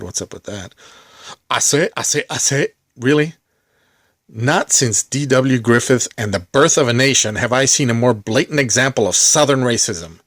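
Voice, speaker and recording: A man's voice: fairly low pitch, a bit bright, no room sound. Dry, sarcastic middle-aged man. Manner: heavy mock-sincere sarcasm. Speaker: movie collector vlogger. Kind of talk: satirical commentary.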